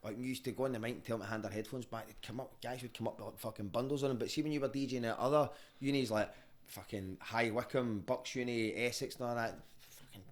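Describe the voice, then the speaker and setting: A man's voice: mid-range voice, fairly even intonation, quick pace, few pauses. A Glaswegian comedian in his thirties, telling candid, sweary stories as a guest in a casual podcast interview. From Scotland. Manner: candid and sweary, rambling with restarts.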